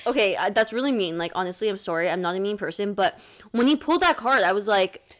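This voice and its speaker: A woman's voice: medium pitch, expressive, fast, a bit bright. A young woman co-hosting a podcast, casually telling a story with lots of "like" and some swearing. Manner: chatty, fillers of "like", swears casually. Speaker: podcast co-host.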